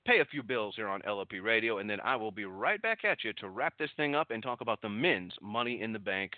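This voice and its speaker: A man's voice: on the low side, very animated, brisk, dry recording. A male radio host giving a loose, chatty recap of a show, swearing freely as he goes. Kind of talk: casual live show recap. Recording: tinny phone-like line, dry.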